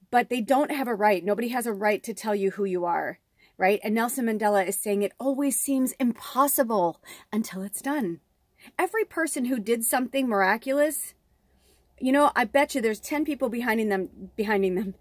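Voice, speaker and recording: Giving a laid-back spiritual tarot reading, this middle-aged medium from the south suburbs of Chicago, USA, wanders off on tangents and curses freely. Her mid-range voice comes through in a dry, studio-quality recording.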